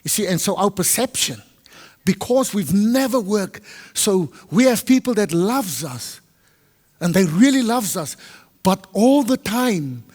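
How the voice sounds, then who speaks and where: A man preaching to a congregation, lively and teasing, switching between English and Afrikaans and quizzing his listeners. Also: sits high, a little slow. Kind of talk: teaching sermon to a congregation. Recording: long hall reverb.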